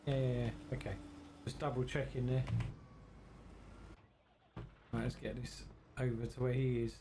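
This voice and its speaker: A man's voice: mid-range voice, level tone, normal speed, background noise. A man with an English accent chatting casually to viewers while playing a farming game, his voice run through a filter. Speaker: game streamer. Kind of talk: casual gaming commentary.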